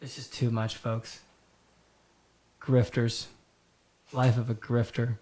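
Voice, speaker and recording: A man hosting his own podcast, telling stories in a rambling, animated, profane comic style. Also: mid-range voice, slow pace. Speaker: podcast host. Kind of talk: casual comedic storytelling. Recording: roomy echo.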